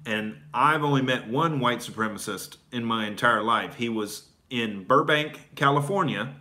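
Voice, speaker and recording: A man's voice: mid-range voice, normal speed, sharp tone. A stand-up comedian from Oklahoma chatting casually and profanely, laughing between his stories. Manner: loose and profane, laughs between thoughts, filler-heavy. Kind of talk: casual chat.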